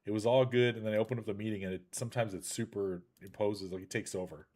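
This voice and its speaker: A man's voice: lowish voice, fast talker. A man hosting a casual live chat show over a video call, joking and rambling, sounding a little congested. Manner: lively, jokey, rambling. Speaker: podcast host.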